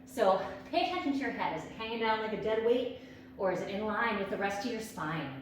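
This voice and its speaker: A woman's voice: mid-range voice, expressive, a little fast, slight background noise. A woman fitness instructor leading a workout, upbeat and out of breath as she counts reps and coaches. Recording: echoey room, distant mic.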